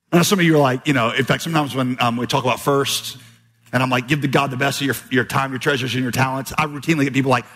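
A man's voice: medium pitch, fairly bright tone. A man preaching a sermon as pastor, telling stories with quoted voices and emphatic turns. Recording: long hall reverb, slightly husky.

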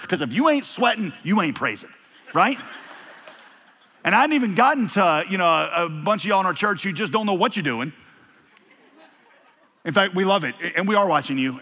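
A man preaching to his congregation in a big, echoey hall, his voice bright and sitting a little high. He tells funny stories and trips over restarts as he goes. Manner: humorous storytelling with many restarts. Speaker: pastor. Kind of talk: sermon.

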